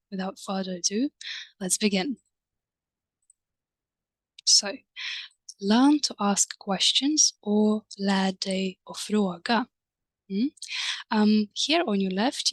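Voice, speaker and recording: A woman of middle pitch explains a lesson at an unhurried, patient pace, often pausing to check in with her listener through gentle prompts and hums of agreement. Her voice sits close and dry, with almost no room sound around it. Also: no echo. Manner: drawn-out fillers and soft hums of agreement. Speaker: language teacher. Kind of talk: recorded online language lesson.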